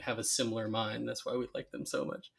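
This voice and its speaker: A man co-hosting a podcast recaps a cartoon episode casually, acting out quoted lines in an animated retelling. His voice is mid-range, fairly quick, and gravelly, with crowd noise audible.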